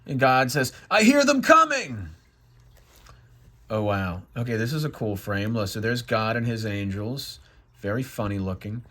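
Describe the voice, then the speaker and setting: A man's voice: fairly low pitch, a bit bright. A man giving comedic, wry commentary on his own old comic. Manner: amused, wry, drawn-out asides. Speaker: vlogger.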